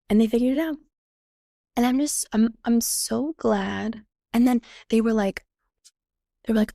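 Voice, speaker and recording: A woman's voice: on the high side, steady tone, moderate pace, gravelly, long pauses, mellow, no room sound, clean studio sound. A woman podcast host telling a personal story in a chatty way, acting out the lines of the people she talks about. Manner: chatty, reenacts quoted dialogue. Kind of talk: casual storytelling monologue.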